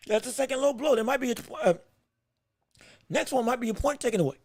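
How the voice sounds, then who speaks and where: Live from his podcast setup, a man with a very high voice commentates on a boxing fight, close-miked and dry with no room sound. His reactions come quick and excited, he keeps self-correcting as the action changes, and he has the hiccups.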